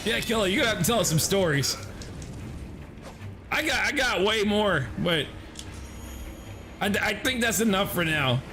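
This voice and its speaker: Man, high voice, gaming streamer, animated storytelling, swears a lot. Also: a little slow, pauses often, slight background noise. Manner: animated, profane, lots of restarts and swearing. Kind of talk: casual story-telling while playing.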